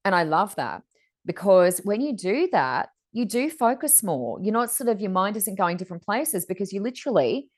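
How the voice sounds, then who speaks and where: A woman's voice: medium pitch, big pitch swings, normal speed. Chatty woman, spiritual wellness talk. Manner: chatty, frequent fillers and "you know". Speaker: podcast co-host, psychic reader. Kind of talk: casual spiritual wellness chat.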